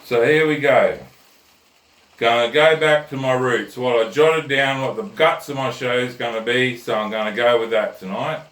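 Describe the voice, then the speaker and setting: A man's voice: mid-range voice, moderate pace, fairly bright tone. A man, hosting a comic rant with a blunt, crude, conversational manner. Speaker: host. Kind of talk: comic rant and joke telling. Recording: roomy echo, mic at a distance.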